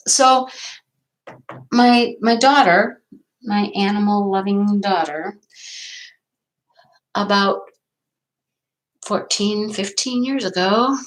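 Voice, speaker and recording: A woman's voice: mid-range voice, low-quality recording. A middle-aged woman hosting a casual livestream, rambling and chatty as she answers viewer comments. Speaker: livestream host.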